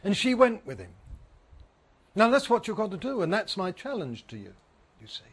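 Man, preacher, sermon, high voice, earnest, repeats phrases, asks the congregation questions. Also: huge pitch swings, moderate pace, slightly rough.

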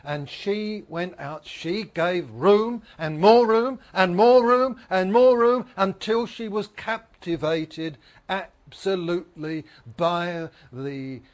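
A man's voice: high voice, takes it slowly. A man preaching a sermon. He is earnest, repeats phrases for emphasis and asks his listeners questions.

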